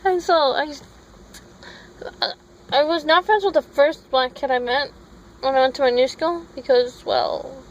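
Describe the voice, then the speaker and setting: Recorded on her phone over a faint underlying hum, a woman from Minnesota spins a long, wandering vlog story full of tangents and self-corrections. She has a high voice, a measured pace and frequent pauses, and the audio is dull.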